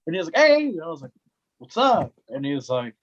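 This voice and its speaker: A man's voice: mid-range voice, racing, highs cut off, a little hiss or hum. A young man, a wrestling commentator, telling a story in a casual podcast chat and acting out the voices of the people in it. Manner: animated, acts out quoted voices, lots of "right?" and "man".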